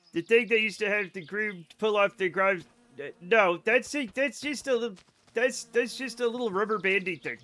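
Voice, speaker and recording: A man's voice: high voice, moderate pace, sharp tone. A man streaming a game live, rambling casually to his chat in a self-amused way.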